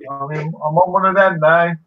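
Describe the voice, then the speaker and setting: A man talking haltingly, with many fillers, as a guest on a live stream over a video call. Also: a little high, steady tone. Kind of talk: casual chat. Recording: tinny call audio, distant from mic.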